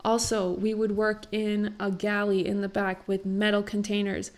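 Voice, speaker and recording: A young woman rambles through a casual reaction vlog, her voice gravelly with fry. She is still teary after crying and fills her talk with "like.". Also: medium pitch, level tone, normal speed, a little mellow. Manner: emotional, rambling, many "like" fillers. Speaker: vlogger reacting to a talk show.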